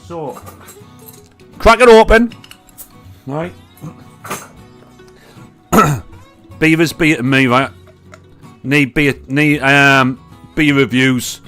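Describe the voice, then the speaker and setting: A man's voice: mid-range voice, fairly even intonation, very slow, pauses often, pushed and bright, faint music behind. Sweary Northern English man, casual host. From Northern England. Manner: chatty and sweary, with loose banter. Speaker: podcast host. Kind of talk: casual live-stream chat.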